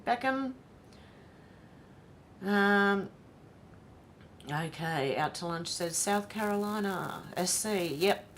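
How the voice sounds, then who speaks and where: With a medium pitch and a slightly bright tone, this Australian woman hosts a laid-back livestream, reading chat comments out and greeting viewers by name. A little background noise can be heard.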